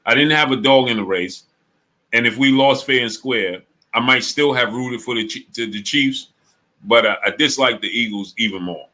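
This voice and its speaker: A man talks to his live-stream audience in a bright, forceful voice with speech. He tells stories with energy, acting out what his friend said, then greets viewers in the chat one by one. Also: mid-range voice, moderate pace. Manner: animated storytelling, acts out friend's quotes. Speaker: sports channel host.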